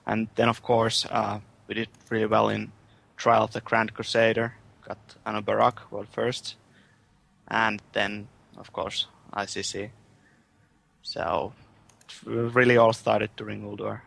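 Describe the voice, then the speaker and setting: A young man, a guest recounting things in a relaxed, matter-of-fact way. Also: lowish voice, unhurried, creaky, dry recording. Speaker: guest, guild raider.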